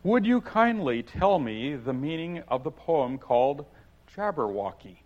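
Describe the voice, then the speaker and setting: A polite, puzzled young storybook girl who asks her questions softly, in a lifted voice, as a preacher reads her aloud. The recording sounds dull and lo-fi. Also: a little high, very animated, measured pace.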